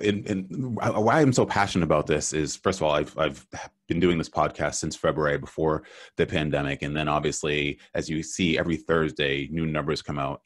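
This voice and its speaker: A man with a Boston accent hosting a podcast interview, chatty, with restarts and fillers. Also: extremely low pitch. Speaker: podcast host. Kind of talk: casual interview.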